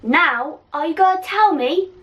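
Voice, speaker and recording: Woman doing a shrill cackling witch. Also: measured pace, distant mic, lo-fi sound. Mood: demanding.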